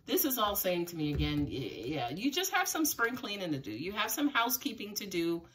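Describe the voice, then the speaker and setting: A woman's voice: mid-range voice, big pitch swings, fairly quick, a bit bright, far from the mic, slight background noise. A woman giving a live tarot reading to her viewers, talking casually with plenty of swearing and frequent laughter. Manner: casual and profane, laughs often, talks straight to viewers. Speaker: tarot reader.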